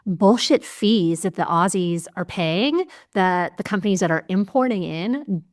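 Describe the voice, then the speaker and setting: A woman hosting a podcast, telling stories in a candid, animated way and swearing casually. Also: medium pitch, unhurried. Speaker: podcast host. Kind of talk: casual conversational interview.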